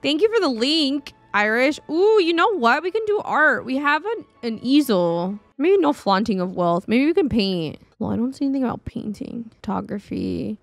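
A woman giving casual, chatty commentary while streaming a life-sim game, exclaiming and reacting loudly. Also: high voice, sing-song, normal speed, gravelly, few pauses, dry recording, soft background music. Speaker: gaming streamer. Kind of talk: casual let's-play commentary. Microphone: desktop studio mic.

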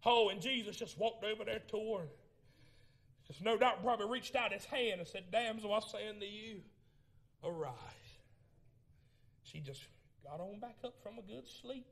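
A man preaching a Pentecostal sermon in a church, swinging from shouted lines to low murmurs as he tells the story. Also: moderate pace, gravelly. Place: church sanctuary.

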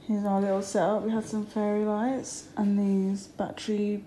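A woman's voice: medium pitch, level tone, moderate pace, warm tone, rough recording. A young woman from the UK, tired and out of breath, chatting casually to a phone camera in a hospital room. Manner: tired, chatty, bursts of laughter. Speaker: vlogger, new mother. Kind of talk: casual vlog chat. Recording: background hiss, room noise.

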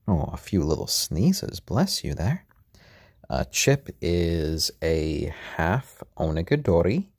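A man with a low, mellow, slightly husky voice chats casually on a live stream from home, tired after a long workday. His speech swings in pitch, and the dry recording has no room sound. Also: no echo. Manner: gentle, unhurried, coos to a chick in a high voice. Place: at home, indoors.

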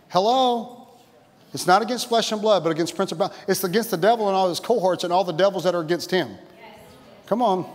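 A pastor preaching a sermon in a church, exuberant, laughing and shouting and calling out to the congregation. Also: male voice, high voice. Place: church sanctuary. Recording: church hall reverb.

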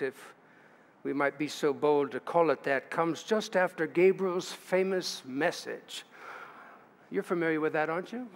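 A man preaching a sermon as pastor, in a chatty way with asides to the congregation. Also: on the high side. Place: church sanctuary. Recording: church livestream with long hall reverb.

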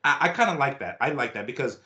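A man's voice: medium pitch, animated, fast, pushed and bright, reverberant. A man co-hosting a boxing talk show in casual chat, rambling and swearing with lots of fillers and restarts.

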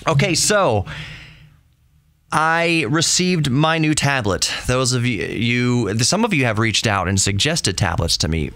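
A man's voice: medium pitch, a bit bright. A man hosting a podcast alone, talking casually and rambling, often restarting and correcting himself. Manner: rambling, self-correcting, chatty. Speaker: podcast host. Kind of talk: casual solo podcast talk.

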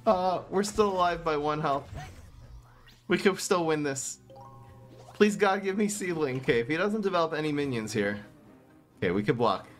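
A man giving casual commentary as he plays a card game, swinging between low muttering and exasperated outbursts. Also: animated, normal speed, pauses often, faint music behind. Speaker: gaming streamer.

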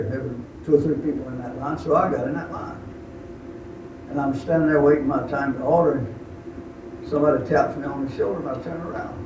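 An older preacher tells a story in a folksy drawl, his voice sitting high for a man. He is heard from a distance in an echoey camp meeting room. The recording is dull and slightly muffled. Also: a little mellow, slight background noise. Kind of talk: sermon with storytelling.

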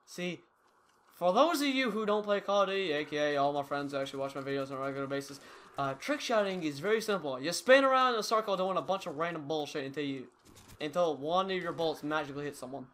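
Bright-voiced young guy rambling over gameplay. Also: fairly high pitch, expressive, fast. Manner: rambling, self-mocking, loose and chatty. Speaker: gaming YouTuber. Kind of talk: casual gameplay commentary.

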